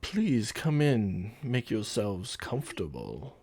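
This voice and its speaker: A man voicing a suave, refined male ship captain who speaks slowly and smoothly. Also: fairly low pitch, wildly swooping pitch, crowd noise, heavily acted. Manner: slow, drawn-out and smooth.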